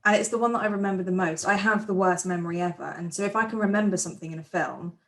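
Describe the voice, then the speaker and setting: A woman's voice: mid-range voice, rapid-fire. A woman, chatting enthusiastically as a co-host of a film review podcast. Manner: enthusiastic, chatty, self-deprecating. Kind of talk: casual film review chat.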